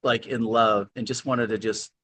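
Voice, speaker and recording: A man who is a guest in a casual spiritual conversation over a video call, playful and animated, often laughing. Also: fairly low pitch, normal speed, slight background noise.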